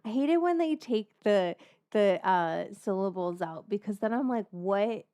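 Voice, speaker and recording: A woman hosting a cooking vlog, talking in a rambling, animated way with many restarts and asides. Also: mid-range voice, a little slow. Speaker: cooking show host. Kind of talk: casual chatty cooking vlog.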